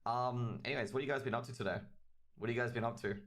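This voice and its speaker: A man's voice: medium pitch, fairly even intonation, racing, fairly bright tone. A man with an Australian accent giving chatty, rambling solo commentary on a livestreamed match and talking straight to his chat. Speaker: esports caster.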